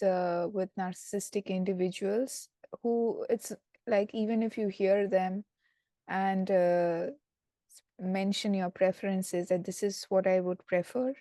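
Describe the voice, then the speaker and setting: A woman's voice: mid-range voice, mellow, no room sound. Woman host asking hesitant questions, dry sound. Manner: searching, hesitant phrasing. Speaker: podcast host. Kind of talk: interview questions.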